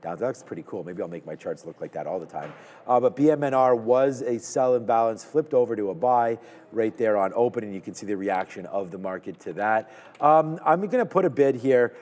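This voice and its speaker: A man talks through his trades on a live market stream in a loose, upbeat way. His voice sits low. The sound carries a long reverb tail. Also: fairly quick, dark tone. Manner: chatty, upbeat, thinking aloud while trading. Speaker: stock trading livestream host.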